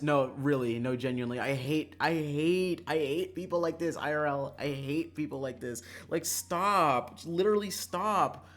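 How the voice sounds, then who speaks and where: A game streamer chatting while playing a visual novel, swinging between loud rants and quiet mumbles, swearing freely and laughing often. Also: medium pitch, moderate pace, few pauses, faint music behind.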